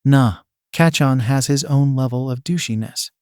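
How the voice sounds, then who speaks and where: A jittery young woman thinks aloud in a hesitant, rambling way, read out by a man in his everyday voice. The voice sits at a medium pitch and sounds dry and close. It is a storybook reading. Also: unhurried, a little mellow, smooth, no echo, close to an everyday voice. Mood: musing. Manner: hesitant, rambling inner thoughts. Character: nervous, awkward young woman, overthinking.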